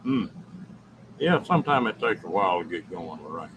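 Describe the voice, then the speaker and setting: A man, hosting a loose live-stream chat from his RV. He talks easily and casually while he answers viewers' comments, with a faint hiss of noise underneath. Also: deep voice. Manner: relaxed and chatty, with drawn-out laughs.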